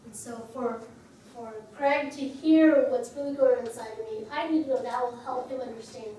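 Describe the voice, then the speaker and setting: A woman's voice: fairly high pitch, normal speed, warm tone. A woman in her forties co-leading a church marriage workshop, explaining in an earnest way. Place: church hall. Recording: very echoey hall from far off.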